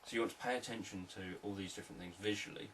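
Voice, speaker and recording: Deep-voiced man teaching calmly. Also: racing, distant mic, a little hiss or hum, low-quality recording. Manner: calm, repetitive explanatory delivery. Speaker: hypnotherapist and sales trainer. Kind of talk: unscripted teaching talk.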